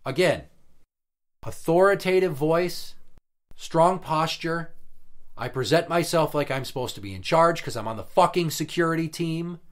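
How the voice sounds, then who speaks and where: A man with a voice on the high side talks at a normal speed. He's a podcast guest in casual conversation, venting bluntly and profanely about an old job with heated emphasis as he tells work stories.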